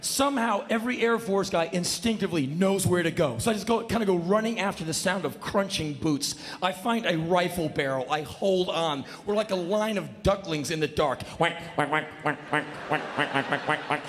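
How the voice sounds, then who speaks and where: A man's voice: sits high, normal speed, few pauses. Punchy storytelling man in a big hall. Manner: animated, punchy, bursts into shouts. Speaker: spoken word performer. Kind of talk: comedic spoken word storytelling. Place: stage in a large hall. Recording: long hall reverb, live show.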